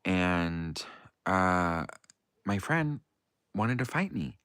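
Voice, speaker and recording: A man's voice: sits low, sing-song, drawn-out words, a bit bright, clean tone, no room sound, studio quality. A young American man on a livestream, telling a long personal story to his chat in a rambling way full of fillers. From United States. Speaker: livestream host. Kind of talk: casual storytelling to a live chat.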